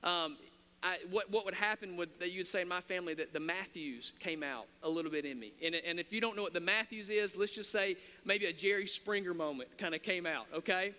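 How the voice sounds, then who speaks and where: A man's voice: sits high, a little fast, pushed and bright. A man, a pastor, telling his personal story in an earnest sermon, often restarting his sentences. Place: church sanctuary. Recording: long hall reverb.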